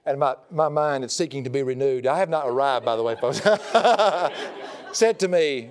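A middle-aged male preacher with a high voice, telling a story in a folksy, animated way. He swings between quiet earnest points and lively comic storytelling. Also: measured pace. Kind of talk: humorous sermon storytelling.

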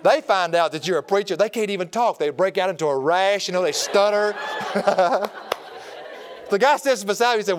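A middle-aged man preaching, telling a folksy, animated story to an audience. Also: high-pitched, moderate pace, background noise. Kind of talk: humorous sermon storytelling.

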